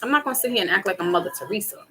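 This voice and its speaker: A woman's voice: mid-range voice, animated, very fast, fairly bright tone, low-quality recording. A middle-aged woman hosting a casual livestream chat, laughing often and acting out quotes in her stories. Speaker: livestream host. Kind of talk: casual chat with live viewers.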